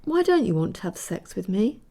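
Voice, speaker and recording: A woman reading the part of a frightened young girl held captive, speaking softly and pleadingly. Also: mid-range voice, very animated, moderate pace. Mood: puzzled. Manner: soft and pleading. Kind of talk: storybook reading.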